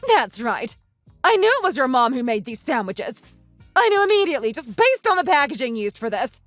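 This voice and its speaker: A condescending rich-girl snob with a high, swooping voice, sneering and shrill, as a woman puts her on. She talks down to everyone in a voiced texting story. The sound is close and dry, with soft music underneath. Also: big pitch swings, a little fast, no echo. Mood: scornful. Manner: haughty, sneering, shrill outbursts. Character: snobbish young woman, spiteful and condescending.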